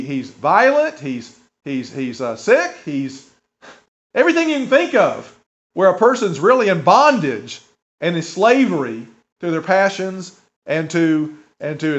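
A man preaching a sermon in a conversational way, asking the listeners rhetorical questions. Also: on the high side. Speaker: pastor. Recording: dull lo-fi recording.

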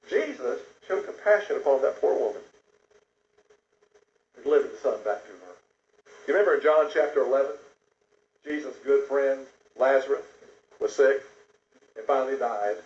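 A man preaching a sermon, swinging from loud raised phrases to hushed asides. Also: high-pitched. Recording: echoey, dull lo-fi sound.

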